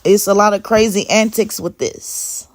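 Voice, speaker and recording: A woman's voice: medium pitch, steady tone, unhurried. A woman talking live to viewers on her phone, emphatic and repeating her phrases as she answers the chat. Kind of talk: casual live stream talk.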